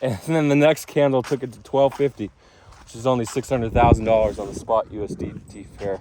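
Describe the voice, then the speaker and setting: A man's voice: medium pitch, fairly even intonation, fairly quick, a crowd in the background. A man vlogging outdoors in a casual, rambling way, full of restarts and asides. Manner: chatty, rambling with restarts and fillers.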